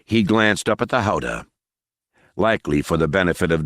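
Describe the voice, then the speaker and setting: A man narrating an unabridged novel audiobook with expressive, measured storytelling. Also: sits low, no echo, studio quality.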